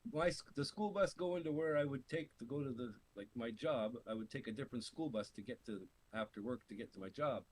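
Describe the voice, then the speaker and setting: A middle-aged man from Canada telling stories in casual chat, swearing freely and animated, often laughing through his stories. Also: medium pitch, brisk, few pauses, rough recording. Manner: profane, animated storyteller with laughs. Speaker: podcast co-host. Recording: faint hiss.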